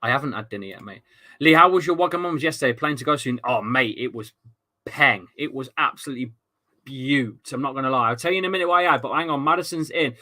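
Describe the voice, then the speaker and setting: A man's voice: medium pitch, fast, bright, forceful tone. A young man streaming a football watchalong, chatting casually, reading out viewer comments and swearing now and then. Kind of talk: live match watchalong commentary.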